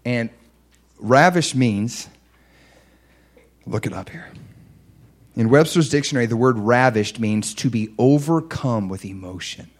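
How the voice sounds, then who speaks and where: A young man preaching with heartfelt earnestness. His delivery moves between hushed, tender lines and bright, excited bursts, and his voice sits at an ordinary middle pitch for a man. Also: a little slow, long pauses. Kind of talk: sermon.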